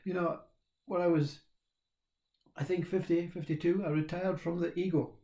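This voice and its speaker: A man, talking in a rambling, reflective monologue, laughing often and halting with fillers. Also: high voice, fairly even intonation, warm tone. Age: 60s.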